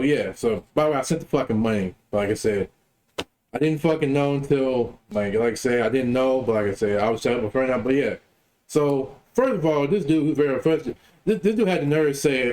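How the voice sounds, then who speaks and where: A man's voice: fairly high pitch, a little fast, a little mellow. A man calling in to tell a story in a casual, profane rant, repeating himself as he gets worked up. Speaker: caller telling a story.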